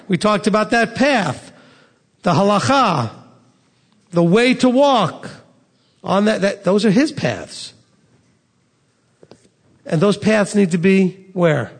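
A man with a notably high voice preaches a sermon, reading scripture aloud and putting pointed questions straight to his congregation. His emphatic delivery rings out in a large hall with a long reverb tail. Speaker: pastor.

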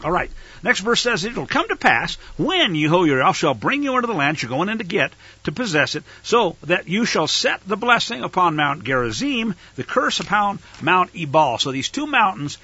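A man's voice: high-pitched, very animated, normal speed, pushed and bright, husky, no echo, lo-fi sound. A man teaching a scripture study, reading verses aloud and explaining them, leaning hard on key words with growing emphasis. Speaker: Bible teacher.

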